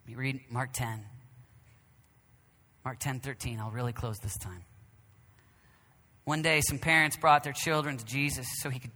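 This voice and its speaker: A man preaching a sermon at a conference, emphatic and repetitive, swinging between loud declarations and hushed whispers. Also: mid-range voice, steady tone, normal speed, pauses often, big-room sound. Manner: emphatic, repeats phrases.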